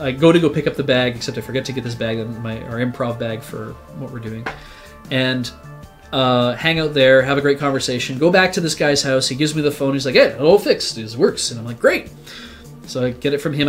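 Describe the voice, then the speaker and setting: Man, casual storytelling, rambling, swears, mid pitch, faint music behind. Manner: rambling, animated, swears, acts out his own quotes. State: sick. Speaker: show regular telling a story.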